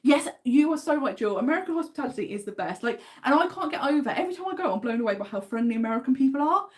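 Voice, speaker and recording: Brief: English woman, livestream host, chatty and enthusiastic, slightly high voice. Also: animated, very fast, a little mellow. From England. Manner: chatty, enthusiastic, reads out viewer comments. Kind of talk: casual livestream chat.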